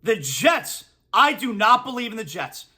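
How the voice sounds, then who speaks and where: Lively, bright-voiced ranting sports talk host. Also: male voice, high-pitched, measured pace, breathy edge. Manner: ranting, emphatic, repeats punchlines. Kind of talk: opinionated sports talk monologue.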